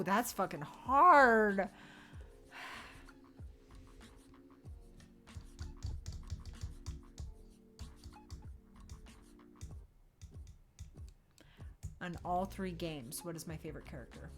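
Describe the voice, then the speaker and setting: An excitable young woman chats casually on her stream, breaking into laughs and playful swearing as she acts out little quotes. Her talk swings up and down with enthusiasm. Faint music plays behind her. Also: mid-range voice, extremely slow, long pauses. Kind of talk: casual chat.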